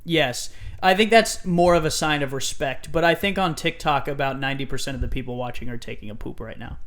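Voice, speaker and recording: Guy cohosting a chatty podcast, teasing and goofy, mid pitch. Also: brisk, fairly bright tone. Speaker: podcast co-host. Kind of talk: casual chat.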